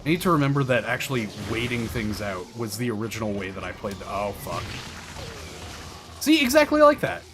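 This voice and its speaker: Talking fast with few pauses, a man with a lowish voice streams a game, chatting casually with his audience. He explains tactics and swears every so often, with game music running underneath.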